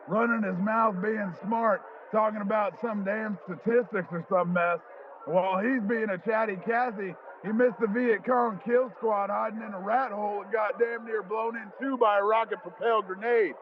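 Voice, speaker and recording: A man playing a gruff older football coach and war veteran, curt and dismissive. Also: sits high. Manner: curt, dismissive, barking orders. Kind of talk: comedic character sketch. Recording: lo-fi phone-like audio with faint hiss.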